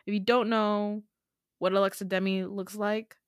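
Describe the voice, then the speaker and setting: A woman's voice: mid-range voice, little pitch movement, normal speed, smooth, no echo, studio quality. A young woman hosting a podcast, chatty and giggly, casually retelling a dream. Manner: giggly, chatty, lots of fillers. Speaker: podcast host. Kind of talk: casual storytelling.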